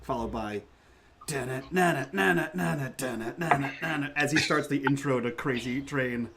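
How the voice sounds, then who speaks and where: A man's voice: medium pitch, normal speed, heavy background noise. A man playing a tabletop game, playfully describing what his character does. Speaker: player.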